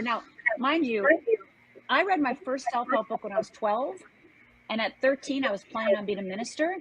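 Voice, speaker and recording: A woman's voice: a little high, lively intonation, moderate pace, fairly bright tone, breathy edge, dry recording, low-quality recording. An older woman from Upper Michigan, a guest telling a personal story in an earnest, emphatic way. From Upper Michigan, United States.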